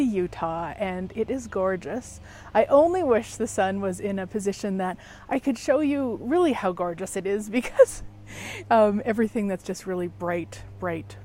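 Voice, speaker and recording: A woman telling a story in a chatty, animated vlog from outdoors in a backyard, laughing at herself as she goes. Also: mid-range voice. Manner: chatty, animated, self-mocking. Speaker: facilitator and show host.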